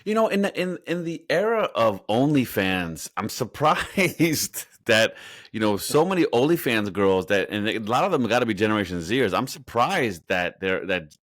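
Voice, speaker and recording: A man's voice: fairly low pitch, very animated, moderate pace, fairly bright tone, no room sound, clean studio sound. Laid-back forties podcast man. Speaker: podcast co-host. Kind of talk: casual podcast chat.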